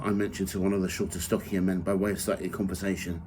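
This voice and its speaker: A man reading from his own memoir in the first person, measured and steady. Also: sits low, slight background noise, rough recording. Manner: measured reading, rising loud for quoted shouts.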